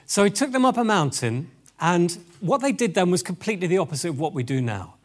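A man preaching a lively sermon, animated and exclamatory, addressing the audience directly. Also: high voice, fairly quick. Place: event hall with tables.

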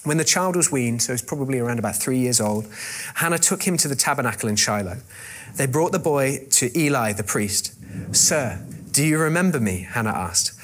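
A man's voice: mid-range voice, lively intonation, a little fast, slight background noise. A man preaching a sermon, retelling a scripture story with wry joking asides and frequent fillers and restarts.

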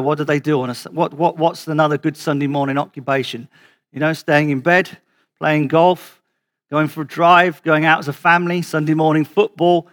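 Guy giving a sermon online, bit higher pitched, keeps restarting words and hammering the questions slow. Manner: repeats and restarts words, stresses questions slowly. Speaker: pastor. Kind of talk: sermon over video call.

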